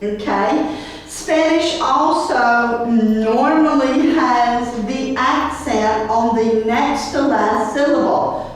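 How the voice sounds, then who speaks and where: A woman's voice: on the high side, extremely slow, slight background noise. A woman teaching a Spanish class, patiently modeling words and having the class repeat them. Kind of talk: classroom language lesson. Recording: echoey room, mic far off.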